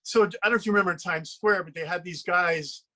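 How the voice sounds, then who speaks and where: A man's voice: sits high, quick pace, sharp tone. A middle-aged man guest on a talk panel, telling earnest anecdotes and opinions.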